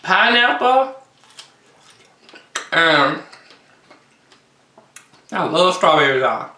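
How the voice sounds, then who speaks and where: A woman vlogger chatting casually to camera between bites, often pausing on long hums. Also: lowish voice, big pitch swings, sharp tone, slight background noise. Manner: chatty, talks between bites with drawn-out mms. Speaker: mukbang vlogger. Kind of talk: casual eating chat to camera. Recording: roomy sound from a distance.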